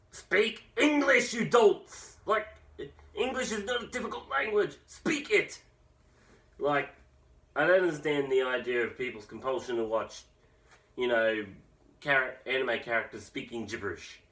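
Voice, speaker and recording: A man, chatting casually to his viewers in a rambling, opinionated way, full of restarts and fillers. His voice sits at an ordinary middle pitch and sounds a bit distant from the microphone. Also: fairly bright tone. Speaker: musician. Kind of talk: casual vlog talk to camera.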